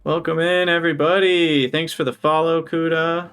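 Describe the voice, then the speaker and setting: A man streaming a building game live, thinking aloud as he plans and brightening to greet viewers in chat. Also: fairly high pitch, level tone, normal speed, smooth, soft background music. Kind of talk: live gameplay commentary.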